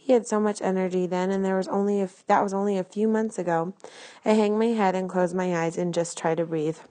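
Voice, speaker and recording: A woman narrating a first-person audiobook in a plain, even storytelling manner. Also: mid-range voice, brisk.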